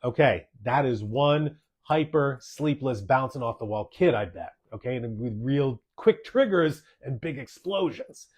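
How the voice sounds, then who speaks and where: Male doctor-host, mid-pitched, chatty Q&A delivery, drives points home by repeating them. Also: expressive, a little slow, hardly any pauses, a little mellow. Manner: emphatic, repeats key points, tags sentences with "okay?". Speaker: doctor hosting a podcast. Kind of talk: casual podcast Q&A, answering listener questions.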